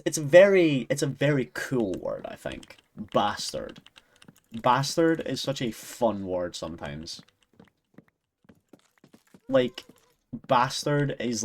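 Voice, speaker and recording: A young Scottish man streaming live, chatting casually with viewers in a rambling, sweary way, often breaking into giggles. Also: medium pitch. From Scotland.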